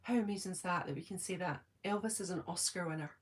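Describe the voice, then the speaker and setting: A middle-aged Scottish woman hosting a fan live stream. She reads the chat and answers it, chatty and giggly, laughing at herself and filling pauses with lots of ums. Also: on the low side. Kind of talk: casual live-stream chat, reading comments.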